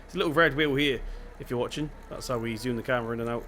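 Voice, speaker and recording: A young man from Devon with a soft local accent talks casually over his gameplay. He thinks aloud in an easygoing, chatty way at an ordinary middle pitch. A faint hum of game sound sits behind his voice. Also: rapid-fire. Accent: Devon English. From England (Devon). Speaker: gaming channel host.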